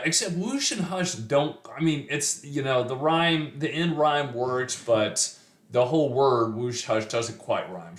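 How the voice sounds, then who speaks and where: Middle-aged man, mid-pitched, wandering poetry lesson, lots of ums, recorded in a reverberant room. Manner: rambling, thinking aloud with many fillers and restarts. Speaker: poetry teacher. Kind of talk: casual poetry analysis.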